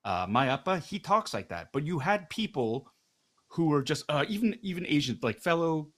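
A man's voice: a little high, sing-song, normal speed, fairly bright tone. A middle-aged man, a guest in a candid interview, making his points with rhetorical questions and a tag of "right?". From Canada.

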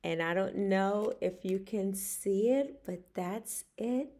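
Woman host, slow and heartfelt, livestream chat. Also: medium pitch. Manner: warm, emotional, drawls words out. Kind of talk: casual livestream talk.

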